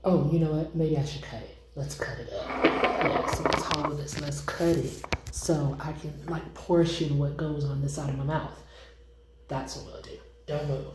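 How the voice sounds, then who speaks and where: A young woman with a deep voice chats casually with viewers as she cooks and tastes food in her home kitchen, sounding excitable and informal. The room is echoey and there's background noise.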